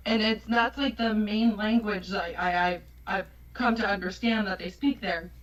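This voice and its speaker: A woman's voice: mid-range voice, fairly even intonation, normal speed, dull audio. A woman with an American accent, a guest chatting casually and laughing often. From United States. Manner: giggly, chatty. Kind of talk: casual chat.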